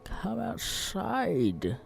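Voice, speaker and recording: A man's voice: high voice, huge pitch swings, very slow, vocal fry, husky, voice pushed up, exaggerated voice. A man voicing a creepy small old woman who pleads and then menaces, in a read-aloud internet horror story. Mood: menacing.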